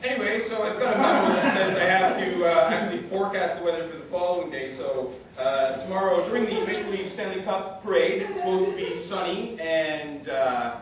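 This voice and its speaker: A man's voice: high-pitched, brisk, hardly any pauses, noisy background. A man with a Canadian accent improvising as a bumbling weatherman in a mock newscast, rambling and self-deprecating with many hesitations. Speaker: improv performer playing a weatherman. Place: theatre stage with live audience. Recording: echoey stage recorded from far off, audience laughter.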